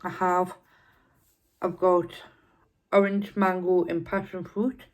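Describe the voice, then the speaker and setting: A middle-aged woman with a mid-range, slightly mellow voice chats casually with her viewers as a mukbang vlogger. She's talkative, eating in between sentences.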